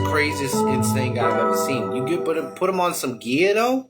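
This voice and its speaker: A man with a fairly high voice spins a wild comic tall tale in excitable, rambling bursts full of restarts and loose grammar. Loud music plays behind him throughout. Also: moderate pace. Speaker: comic storyteller.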